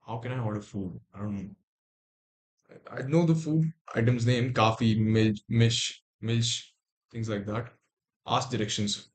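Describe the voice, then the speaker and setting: A man's voice: mid-range voice, a little slow. A young man with an Indian English accent on a casual livestream, reading text aloud and breaking off into muttered asides and restarts.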